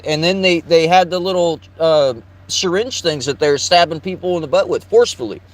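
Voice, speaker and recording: A man's voice: a little high, fairly quick. A man telling a rambling, blunt personal story, swearing freely and restarting his sentences. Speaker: vlogger. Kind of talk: casual storytelling.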